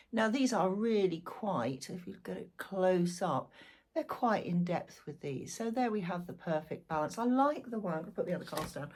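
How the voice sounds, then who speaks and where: A middle-aged woman doing a casual, exuberant weekly tarot reading, chatty and full of asides. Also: on the low side. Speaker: tarot reader. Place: home room, seated in a squeaky chair.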